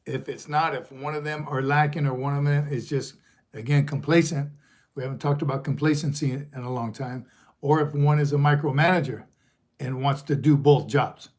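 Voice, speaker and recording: A man's voice: mid-range voice, steady tone, moderate pace, a little mellow. A middle-aged man, a retired Marine sergeant major, hosting a casual livestream and rambling as he reads viewer comments aloud.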